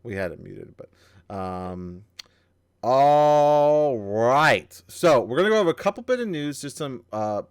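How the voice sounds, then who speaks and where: Man, gaming podcast co-host, casual rambling talk, self-deprecating, lively pitch, dry close sound. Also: a little fast, clear, resonant tone, no room sound. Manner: rambling, profane, self-deprecating, many restarts. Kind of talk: casual gaming news chat.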